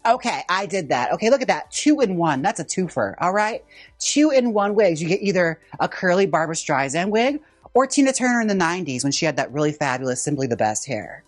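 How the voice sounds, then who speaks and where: A man's voice: sits high, a little fast, dry recording, faint music behind. A drag queen host chatting campily and sassily while styling a wig in a casual vlog. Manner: campy, sassy, animated chatter.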